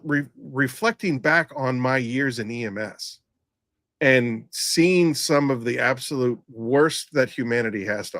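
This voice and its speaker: A middle-aged man tells a grim work story in loose podcast chat, often restarting his sentences and circling back. His voice sits at an ordinary pitch for a man. The recording is dry and close, with little room sound. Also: fairly bright tone, dry recording. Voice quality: rambling, frequent restarts and fillers. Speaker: podcast host, former EMT. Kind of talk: casual storytelling.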